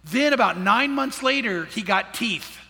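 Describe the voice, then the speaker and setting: Male pastor, high tenor, earnest sermon in a big reverberant church hall, quizzing the congregation. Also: lively intonation, a little slow, creaky, pushed and bright, soft background music. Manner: earnest preaching with questions to the congregation. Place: church sanctuary.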